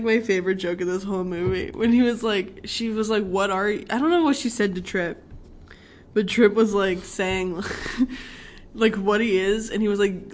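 A woman's voice: mid-range voice, a little mellow. A young woman chatting casually about a movie, laughing a lot and rambling with many fillers. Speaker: co-host reviewing a movie. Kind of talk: casual chat.

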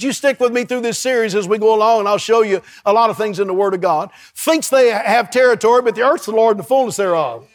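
A middle-aged man preaching a sermon with fervor, breaking into shouts and calling out to the congregation for an amen. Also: very high voice. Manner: fervent, shouting at peaks, calls for amen.

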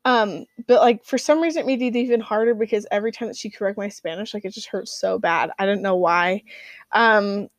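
A young woman from the United States, a returned missionary, tells a personal story in a halting way, with frequent fillers and restarts. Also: mid-range voice, no echo. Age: young adult.

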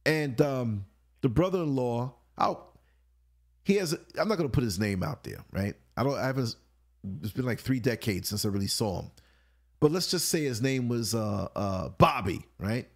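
A man's voice: medium pitch, expressive, moderate pace. A man on a late-night talk show, telling stories animatedly, laughing often and acting out grunts and voices. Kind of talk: late-night casual storytelling.

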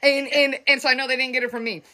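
A young woman chatting casually, telling animated stories and acting out the quotes. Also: high voice, rapid-fire. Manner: animated storytelling with acted quotes. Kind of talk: casual chat.

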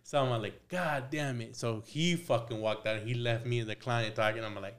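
A man's voice: medium pitch, normal speed, a bit bright. A young man, a podcast guest, telling a story in casual talk, acting out both sides of the dialogue, swearing freely and dropping in Spanish phrases. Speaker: podcast guest, tattoo artist.

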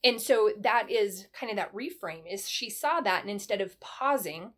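A woman's voice: mid-range voice, normal speed. A middle-aged woman, a former military sergeant, giving advice in a conversational interview and acting out bits of dialogue as she goes. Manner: animated storyteller, acts out dialogue in a brighter voice.

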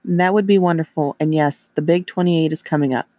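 Storybook role: man reading a reassuring young female vet, slightly high voice, close and dry. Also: steady tone, a little fast, mellow, no room sound, close to an everyday voice. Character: young woman veterinarian, kind and upbeat.

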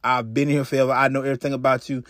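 A man's voice: medium pitch, little pitch movement, very fast, fairly bright tone, dry recording, studio quality, voice pushed down, natural voice. A man quoting a weary, exasperated father who curses while pushing back in an argument. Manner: exasperated, profane.

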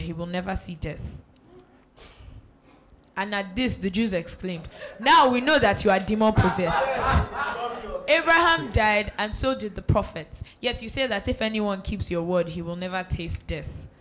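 A reader going through a Bible passage aloud at a steady pace, with a few small slips and restarts. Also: medium pitch, normal speed, a little hiss or hum. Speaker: scripture reader. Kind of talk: reading scripture aloud.

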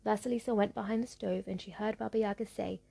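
Gravelly woman reading a folktale. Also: medium pitch, fairly even intonation, dark tone. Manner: measured, rhythmic. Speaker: narrator. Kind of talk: storybook reading.

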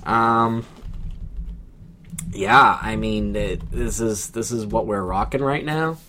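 A man's voice: fairly low pitch, slow, bright, forceful tone, a little hiss or hum. A man, co-hosting a podcast in casual chat, joking and rambling with crude humor. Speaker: podcast co-host.

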